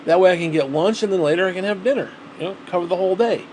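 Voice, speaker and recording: Rambling, foul-mouthed man, slightly high voice. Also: racing, darkish tone, slight background noise, low-quality recording. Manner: rambling, heavy swearing. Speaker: vlogger. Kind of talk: casual rambling monologue.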